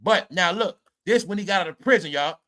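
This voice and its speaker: Brash high-voiced man ranting. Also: expressive, fairly quick, bright, forceful tone. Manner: brash, mocking, repeats "y'all" and "bro". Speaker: commentary streamer. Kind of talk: ranting commentary.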